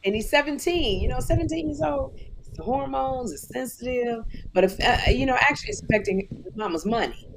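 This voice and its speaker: A middle-aged woman hosting a talk show, telling comic stories in a lively, animated way and acting out quotes. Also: a little high, fairly quick, a little hiss or hum, rough recording. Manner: animated storytelling, acts out quotes. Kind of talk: casual comedic chat.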